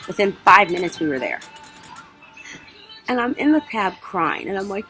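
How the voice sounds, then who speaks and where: A woman's voice: mid-range voice, moderate pace, long pauses, faint music behind, low-quality recording. A young woman vlogger telling a travel story in a casual way, acting out her own panic. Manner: animated, acts out her own panic in quotes.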